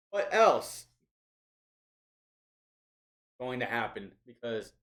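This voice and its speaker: Man, wrestling show reviewer, casual recap, opinionated, fairly high voice. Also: fairly bright tone. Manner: conversational, opinionated, with frequent restarts.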